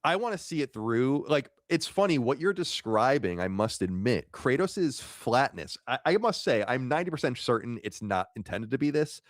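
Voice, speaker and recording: A man's voice: medium pitch, big pitch swings, normal speed, few pauses, no room sound, studio quality. A man co-hosting a podcast in casual chat, thinking aloud with frequent restarts. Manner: musing, hedging, restarts a lot. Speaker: podcast co-host.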